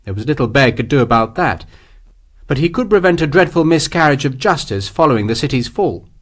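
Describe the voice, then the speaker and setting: A man narrating an audiobook with a measured, expressive storytelling manner. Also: mid-range voice. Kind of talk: scripted narration.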